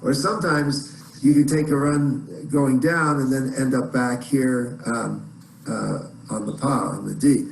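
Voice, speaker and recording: A man's voice: mid-range voice, fairly even intonation, a little slow, gravelly. A man teaching chant in an online lesson, explaining in plain words between short sung phrases. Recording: roomy echo, faint noise.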